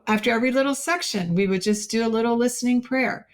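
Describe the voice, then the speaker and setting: A middle-aged woman, a podcast guest, telling a personal faith story in an earnest, animated way and acting out quoted dialogue. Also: fairly high pitch, fast talker.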